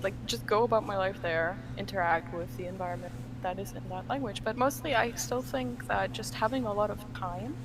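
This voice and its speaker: A young woman from Germany, a podcast guest in casual chat, animated, laughing often, full of fillers and restarts. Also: mid-range voice, fairly quick, few pauses, noisy background.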